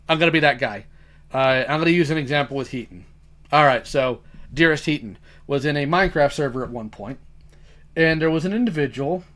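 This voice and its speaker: A man's voice: a little high, bright, forceful tone. A man hosting a casual stream, chatty and blunt as he gives advice and tells stories. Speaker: streamer host. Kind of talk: casual commentary.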